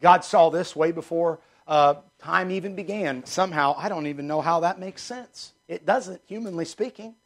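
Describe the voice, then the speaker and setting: Gravelly-voiced emphatic male pastor preaching. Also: on the high side, moderate pace, hardly any pauses. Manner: emphatic, repeats key phrases, swings from loud to hushed. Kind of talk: sermon.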